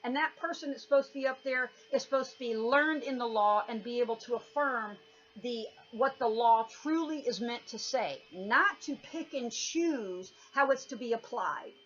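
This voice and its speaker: Emphatic high-voiced woman lecturing. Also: normal speed, a bit bright. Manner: emphatic, lecturing, stresses words. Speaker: commentator. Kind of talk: didactic monologue. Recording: dull lo-fi recording with faint noise.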